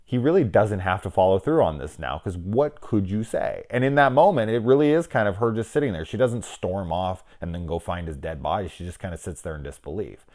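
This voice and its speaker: A man's voice: low voice, expressive, brisk, few pauses, a little mellow. A middle-aged man giving a rambling, wry, casual film review, swearing now and then.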